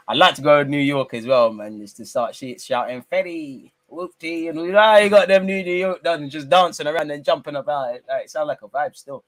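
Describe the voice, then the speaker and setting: A young man hosting a live football watch-along, talking in slangy banter that keeps jumping into excited outbursts as he teases the players. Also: medium pitch, no echo.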